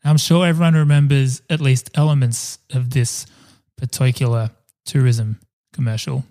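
A man hosting a podcast, telling a story in casual chat with animated energy and the odd swear word. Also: mid-range voice, normal speed. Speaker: podcast host.

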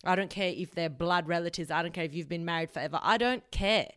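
A woman hosting a podcast, giving blunt, animated advice and swearing freely. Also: lowish voice, fast talker, no room sound, studio quality. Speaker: podcast host. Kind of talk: casual advice monologue.

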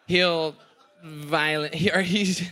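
A man's voice: a little high, fairly even intonation, takes it slowly, pushed and bright. A man from Hawaii telling a story casually as a panel guest, rambling, giggling and swearing as he goes.

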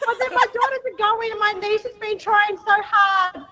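A woman calling in to a radio show from home, excitable and emotional. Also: extremely high pitch, normal speed, a crowd in the background. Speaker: radio caller.

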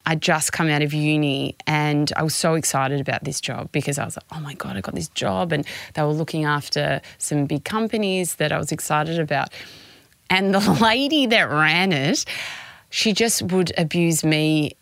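A woman hosts a podcast interview with a lowish voice. She asks probing questions and shares her own memories with empathy. The recording is dry and close. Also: normal speed, vocal fry, fairly bright tone, no echo. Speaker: podcast host.

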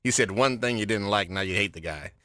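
Bright, opinionated male radio co-host. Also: lowish voice, fast talker, no echo, clean studio sound. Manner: opinionated, skeptical commentary. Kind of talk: morning radio show chat.

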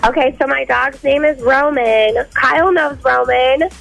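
A bubbly woman calling into a morning radio show, her voice high and bright. She giggles often and rattles on in quick bursts, with a faint music bed under her. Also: vocal fry, low-quality recording. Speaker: caller. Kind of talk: casual phone-in chat.

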